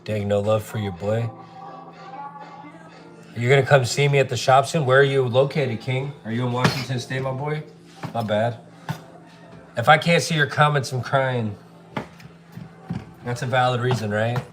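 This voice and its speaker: A man's voice: mid-range voice, normal speed, pauses often, over music. A man livestreaming as he cooks, chatting casually and answering viewer comments, calling people bro and dude. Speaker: chef livestreaming while cooking. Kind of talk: casual live-stream chat while cooking.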